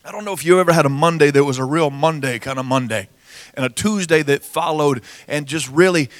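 Hoarse preacher guy, kinda high voice, dry close sound, stretches words out and half-sings. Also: no room sound. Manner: slow, drawn-out delivery with rising shouts and sung phrases. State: hoarse, losing his voice. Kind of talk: sermon with prayer and singing. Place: church service.

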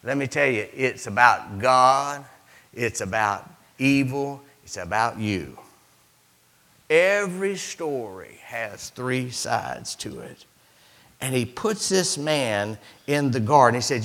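A man preaching a sermon as pastor, animated, with sudden swings between loud emphasis and hushed asides. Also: mid-range voice, slow pace.

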